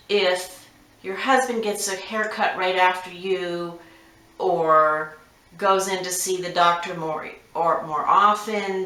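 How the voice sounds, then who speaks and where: Woman, massage therapist, frank instructive tone, bright voice, echoey room. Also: medium pitch. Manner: frank, instructive, lists numbered tips. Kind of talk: direct advice monologue. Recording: roomy echo.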